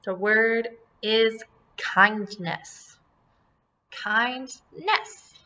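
A woman teaching a second-grade class, drilling words and syllables slowly and clearly and encouraging the children. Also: mid-range voice, pushed and bright. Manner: slow, deliberate word drills with clear enunciation. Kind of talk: phonemic awareness lesson for young children.

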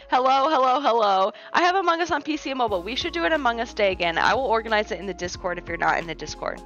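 A woman's voice: a little high, animated, racing, hardly any pauses, a bit bright. A woman from the United States chatting casually on a live stream, rambling and reading viewer messages aloud, full of "like" and "um.". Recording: dull lo-fi stream audio with faint music. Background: faint background music.

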